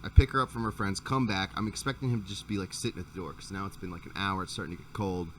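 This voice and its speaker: A man with a fairly low voice hosts a podcast and rambles through a profane anecdote, restarting his sentences as he goes. He sits a bit back from the microphone, and a faint hum of background noise runs underneath. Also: steady tone, fast, far from the mic. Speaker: podcast host. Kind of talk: casual chat, storytelling.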